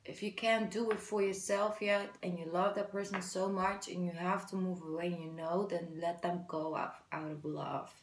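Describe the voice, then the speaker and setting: A woman's voice: on the low side, steady tone, normal speed, hardly any pauses, roomy sound, rough recording. A woman giving a casual, encouraging tarot reading and talking straight to her viewers with many "you know"s. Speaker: tarot reader.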